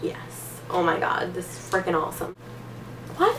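A young woman unboxing makeup gifts in a casual vlog, excitable and gushing, gasping often. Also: on the low side, moderate pace, reverberant, recorded from a distance, a little hiss or hum. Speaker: beauty vlogger.

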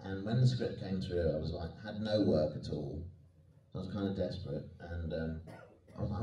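Deep, dark-voiced man in an echoey hall. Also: normal speed. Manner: chatty, self-deprecating, laughs often. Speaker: guest actor on a convention panel. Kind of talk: anecdotal panel Q&A. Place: convention hall. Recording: echoey hall, mic at a distance.

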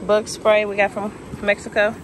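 A woman vlogging outdoors at a lake, cheering on and coaxing her dog in a lively, casual way. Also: medium pitch, normal speed, background noise.

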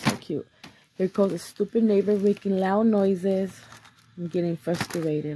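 A woman with a medium-pitched, fairly level voice talks a little slowly as she makes a gift in a casual craft vlog. She gets frustrated easily and swears a lot, with faint noise in the background.

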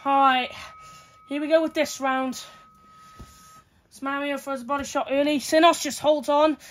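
A woman giving excitable play-by-play fight commentary, full of exclamations and counts. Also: sits high, normal speed, slight background noise.

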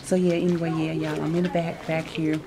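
Over crowd noise, a woman with a deep, level, fairly quick voice and some vocal fry talks casually to her handheld camera. It's a vlog filmed at home and in a hospital pre-op room, and despite her nerves she stays chatty, slangy, and quick to laugh.

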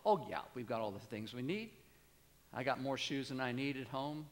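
A pastor in his sixties preaching a sermon, animated, climbing to emphatic peaks and dropping low. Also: normal speed. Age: 60s. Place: church sanctuary. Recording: long church reverb.

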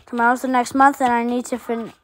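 A woman's voice: on the high side, flat delivery, quick pace, natural voice. A woman voicing an anxious grown-up guarding rent money in a puppet skit, with a fretful, protective way of talking. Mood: worried.

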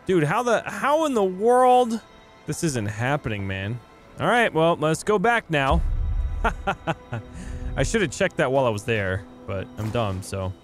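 Excitable man with swinging pitch. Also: unhurried. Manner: excitable, swings to loud exclamations; sarcastic mutters when things go wrong. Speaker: gameplay commentator. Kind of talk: let's play commentary. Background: game music.

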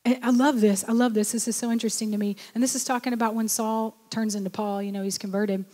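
A woman's voice: fairly high pitch, level tone, quick pace, mellow, big-room sound. A woman pastor preaching a sermon, exhorting her listeners and urging them on. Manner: exhorting, repeats "come on".

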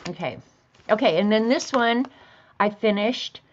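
A woman's voice: mid-range voice, animated, measured pace. Chatty woman on a dull lo-fi stream. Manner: chatty, laughs easily. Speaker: host. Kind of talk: casual livestream chat.

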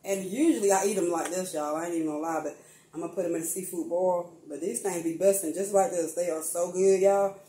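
A woman's voice: on the low side, fairly even intonation, fast, mellow, slight background noise. An older woman chatting casually to viewers as she cooks in her home kitchen, calling them y'all. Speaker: cooking vlogger. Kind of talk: casual home cooking vlog. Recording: echoey room, mic at a distance.

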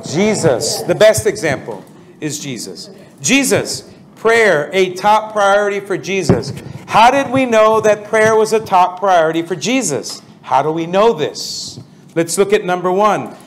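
A man leading a prayer seminar as pastor, energetic and constantly asking the audience questions, with an American accent. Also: high voice, unhurried, a little hiss or hum. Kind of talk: interactive seminar teaching.

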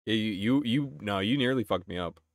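A young man chatting casually on his game live stream, excitable, swearing and reacting to chat. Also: lowish voice, brisk, no echo, clean studio sound.

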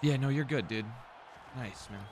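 A young man giving live commentary while playing a video game, swearing and repeating himself, sometimes breaking into yells. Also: mid-range voice, normal speed, slight background noise. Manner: swears and mutters the same phrase over and over; excitable, jumps into yelling.

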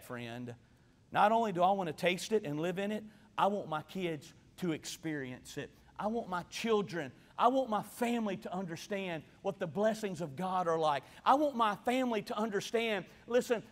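A man's voice: high voice, a bit bright. A man preaching a sermon in a church, fervent and repeating himself for emphasis. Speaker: pastor. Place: church sanctuary. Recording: long reverb of a church hall.

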